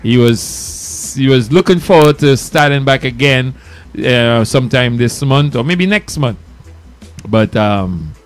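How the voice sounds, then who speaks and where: A man hosting a community radio talk show in a loose, animated, bantering way. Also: medium pitch, measured pace, soft background music.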